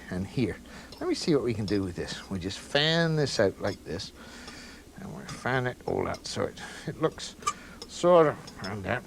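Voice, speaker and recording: A man's voice: medium pitch, noisy background. Chatty man hosting a cooking show. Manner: chatty and rambling, with folksy asides. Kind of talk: casual cooking demonstration. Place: TV studio kitchen.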